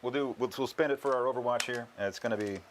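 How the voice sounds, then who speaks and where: A man's voice: medium pitch, fast, a little hiss or hum. A man casually playing a tabletop war game, explaining rules in an easygoing, hesitant way. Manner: easygoing, hesitant, many fillers.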